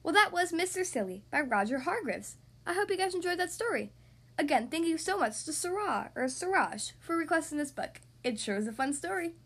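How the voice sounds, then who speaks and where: A woman hosting a children's podcast, reading a storybook aloud in an expressive, animated way. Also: very high-pitched, fairly quick. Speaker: podcast host and story reader.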